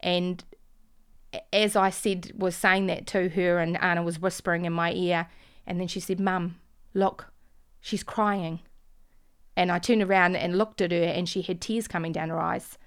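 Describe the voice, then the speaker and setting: A woman, a mother, giving an earnest, emotional eyewitness account that often drops quiet. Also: lowish voice, steady tone, moderate pace, smooth. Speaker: mother recounting a protest.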